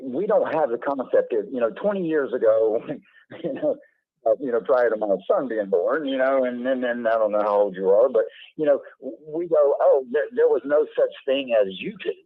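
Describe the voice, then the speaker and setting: A man's voice: medium pitch, moderate pace, no room sound. Man talking over a tinny line. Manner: rambling, repeats words, animated asides. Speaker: livestream host. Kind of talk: casual call-in chat. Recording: tinny phone-like line, dry.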